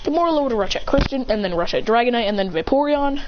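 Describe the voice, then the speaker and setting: A high-voiced woman narrates a homemade adventure tale, rambling and restarting her sentences. Her pitch rises and falls a lot. The recording is a little muffled, with faint hiss underneath. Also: expressive, fast. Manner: rambling, self-correcting, breathless. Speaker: storyteller. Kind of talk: improvised fan story narration.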